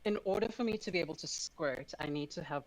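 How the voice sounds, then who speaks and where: A man's voice: on the high side, fast talker, a little hiss or hum, low-quality recording. A man, a guest on a live stream, chatting casually and animatedly while showing how he does his hair. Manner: animated, laughing storyteller. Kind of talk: casual chat.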